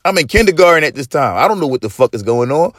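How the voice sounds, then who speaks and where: A man in his thirties or forties hosting a podcast, telling a story in casual chat with a profane, swaggering, animated manner. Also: a little high, quick pace, no echo, studio quality. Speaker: podcast host.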